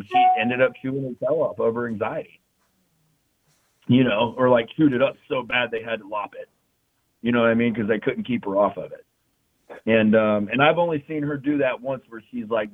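Profane storytelling young man, tinny sound. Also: medium pitch. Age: young adult. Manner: rambling, profane, loose and joking. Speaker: guest telling stories. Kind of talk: casual storytelling chat.

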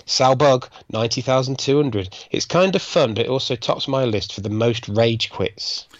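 A man's voice: mid-range voice, moderate pace. A man co-hosting a podcast, reading listener scores in an easygoing, self-deprecating way. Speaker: podcast co-host. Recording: dry, slightly dull sound.

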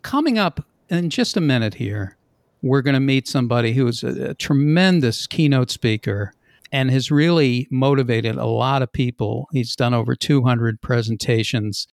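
Older male host, gravelly, dry and close, jokey and meandering. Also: medium pitch, moderate pace, no room sound. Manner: joking, rambling with restarts. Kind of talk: casual interview chat.

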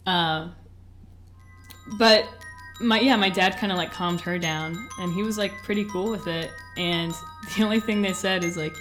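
A woman's voice: lowish voice, moderate pace, a bit bright, soft background music. Chatty young woman telling her story. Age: 20s. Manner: chatty, lots of "like" and "you know", laughs often. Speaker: interview guest. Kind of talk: candid personal storytelling.

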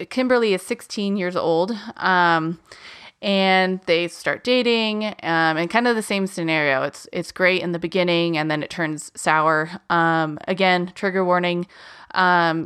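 Lower-voiced woman telling a crime story. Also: fairly bright tone, smooth. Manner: chatty, many fillers like "um" and "like". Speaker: podcast host. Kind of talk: casual true crime storytelling.

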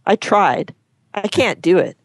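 A woman guest on an interview show, talking frankly and chattily, often pausing and restarting her sentences. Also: medium pitch, expressive, slightly rough, dry recording. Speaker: guest, horse photographer. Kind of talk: casual interview chat.

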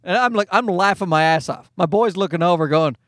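A man telling a comedic rant with a profane, exasperated, animated delivery. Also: high-pitched, brisk, dry recording, clean studio sound. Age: adult parent.

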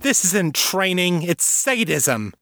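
A man voicing an angry, protective mother who speaks in a sharp, cutting, defiant way in a fantasy audiobook. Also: medium pitch, animated, normal speed, breathy edge, no room sound, clean studio sound. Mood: furious. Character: fierce protective mother, furious woman. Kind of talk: audiobook character reading.

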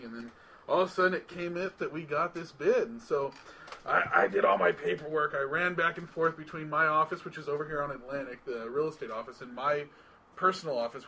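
A man telling a long, animated story on a talk show, laughing often and swearing freely. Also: a little high.

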